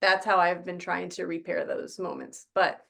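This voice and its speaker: Chatty mom rambling about parenting. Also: female voice, on the low side, level tone, moderate pace, creaky, a bit bright. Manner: rambling, acts out quoted dialogue with her kids. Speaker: podcast guest. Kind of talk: casual chat.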